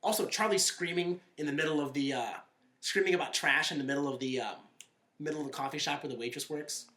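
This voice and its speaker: An excitable podcast co-host chatting casually, with a sharp, bright voice that often breaks into quoted lines. The recording sits in a noticeably echoey room. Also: mid-range voice, fast. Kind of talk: casual chat.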